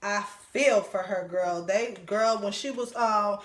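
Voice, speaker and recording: A woman's voice: medium pitch, takes it slowly, roomy sound. A woman giving casual recap commentary on a reality show, talking bluntly and profanely and laughing often.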